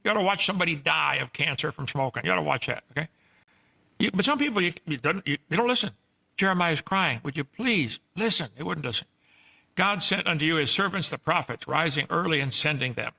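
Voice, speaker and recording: A man's voice: on the high side, expressive, fast, creaky, sharp tone. A man preaching a sermon on scripture, earnest and pleading as he scolds his listeners. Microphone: played clip from archive.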